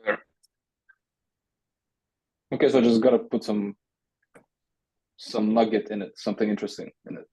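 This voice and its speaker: Laid-back low-voiced male trainee. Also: level tone, normal speed, pauses often, warm tone, husky, rough recording. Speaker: trainee on a coaching call. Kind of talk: casual chat.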